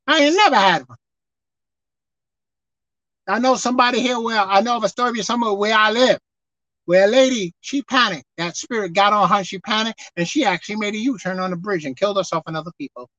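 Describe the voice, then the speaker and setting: A male preacher giving an impassioned sermon in a folksy, conversational way, swinging between low murmurs and loud outbursts. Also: expressive, quick pace, dry recording.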